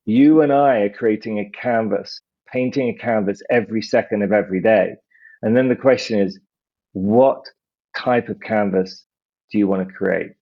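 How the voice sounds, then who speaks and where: A man speaking as a podcast guest, measured and philosophical, slowing down to stress ideas. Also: lowish voice. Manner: measured, philosophical, slows down for emphasis. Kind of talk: reflective interview talk. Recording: muffled lo-fi audio.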